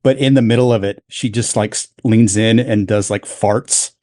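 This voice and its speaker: Casual chat podcast co-host: a man with a lowish, dry voice who swears freely and teases. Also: steady tone, moderate pace, warm tone, dry recording. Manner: swears freely, teasing, laughs often.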